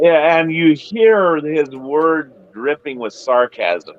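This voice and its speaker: A man's voice: on the high side, animated, slow pace, few pauses, lo-fi sound. Man retelling scripture with acted quotes. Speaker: Bible study host. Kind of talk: casual Bible discussion.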